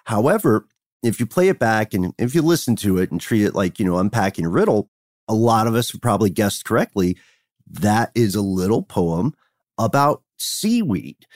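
A man's voice: fairly low pitch, sing-song, normal speed, a little mellow, dry recording, clean studio sound. A man co-hosting a podcast in a playful, casual way, laughing often. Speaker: podcast co-host. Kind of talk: casual chat.

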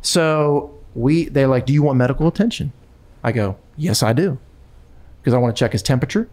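A man recounts a personal story in relaxed conversation. His delivery is animated, full of stumbles, restarts and repeated phrases as he pushes the story forward. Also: medium pitch, a little fast. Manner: animated, with frequent restarts and repetitions.

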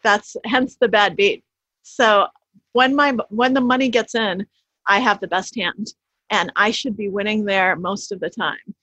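Husky-voiced woman explaining with emphasis. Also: mid-range voice, steady tone, fairly bright tone, no room sound. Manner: fast, emphatic explaining with many restarts. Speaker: author guest. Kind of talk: explanatory interview answers. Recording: dull, slightly lo-fi sound.

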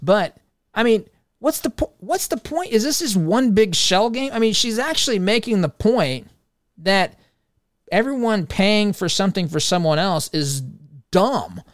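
A man's voice: high-pitched, animated, a little slow, no room sound, clean studio sound. A man hosting a talk show, giving opinionated political commentary in a conversational way and addressing listeners as his friends.

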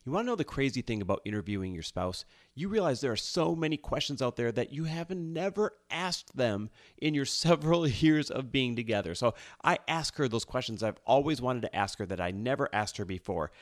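A man in his thirties hosting a podcast and interviewing his wife, upbeat and energetic. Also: medium pitch, a little fast, few pauses. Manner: energetic, hyped intro. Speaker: podcast host.

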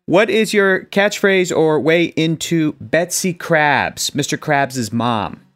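An upbeat woman co-host chatting casually in a slightly low voice. She laughs easily between questions. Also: slow. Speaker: podcast co-host. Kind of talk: casual interview chat.

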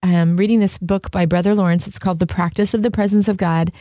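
A woman's voice: fairly low pitch, fairly even intonation, fast, dark tone, no room sound, clean studio sound. A woman co-hosting a casual devotional chat, speaking earnestly and from the heart, with many "like" fillers. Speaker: co-host.

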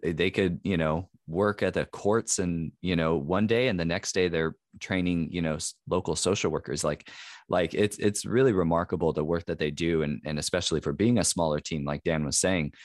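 Low-voiced earnest man, halting podcast talk. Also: fairly even intonation, dry recording, clean studio sound. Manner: hesitant, with many fillers and restarts, earnest. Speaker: podcast co-host. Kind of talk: casual podcast chat.

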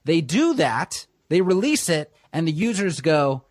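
A man hosting a podcast, talking emphatically and mimicking quoted voices in a lower tone. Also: sing-song, measured pace. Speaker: podcast host. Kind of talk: casual conversational talk.

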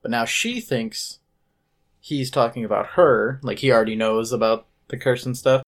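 A man chatting casually on a podcast, retelling a stage musical's story with animated asides and quick impressions of the characters. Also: mid-range voice. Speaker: podcast host. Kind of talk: casual chat recapping a musical.

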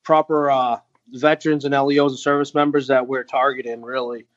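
A man telling a heartfelt story as a podcast guest, earnest and halting with many fillers. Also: medium pitch, level tone, no room sound, dull audio. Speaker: guest, veteran nonprofit founder.

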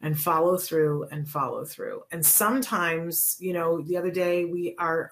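Casual host: a woman with a lowish voice who chats and rambles with her audience. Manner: chatty, rambling, warm asides and self-corrections. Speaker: show host. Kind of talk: casual radio talk show chat.

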